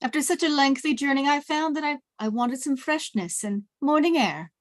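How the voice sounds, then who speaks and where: A woman reading a proud, sharp-tongued young woman at a table read, crisp and tart. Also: sits high, normal speed, no room sound, natural voice. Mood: apologetic.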